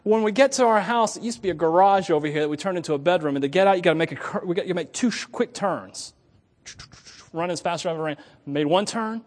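A middle-aged male pastor preaching a storytelling sermon, moving from hushed asides to loud preaching and laughing at his own tales. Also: high voice, quick pace. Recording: long reverb from a large hall.

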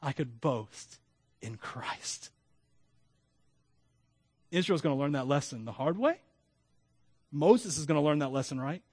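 A man preaching a sermon as pastor, animated, with humorous asides and self-deprecating jokes. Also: a little high, a little slow, pauses often, husky, no echo. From Florida.

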